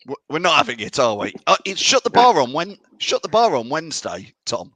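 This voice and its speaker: A man's voice: on the high side, big pitch swings, brisk, a bit bright, dry recording. Chatty man hosting a fan show. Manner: chatty, banter-filled, laughs often. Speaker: fan channel show host. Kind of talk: casual chat reading viewer comments.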